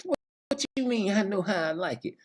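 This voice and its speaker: A man doing a sassy high female pop star. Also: expressive, fairly quick. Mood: indignant. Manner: sassy, teasing refusals.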